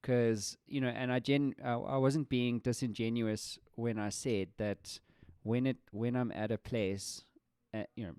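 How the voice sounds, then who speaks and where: A man's voice: medium pitch, fairly even intonation, a little slow, hardly any pauses, a little mellow, clean tone, dry recording. A man hosting a casual podcast chat with friends, talking reflectively with restarts. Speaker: podcast host.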